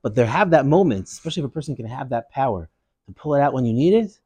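A man giving a Torah lesson, a digressive and animated storyteller. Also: medium pitch, fast talker, slightly rough, no room sound. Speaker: Torah teacher.

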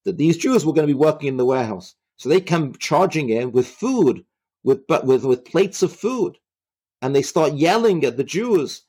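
Husky man telling a religious story. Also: fairly high pitch, lively intonation, darkish tone. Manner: halting, repeating himself as he retells.

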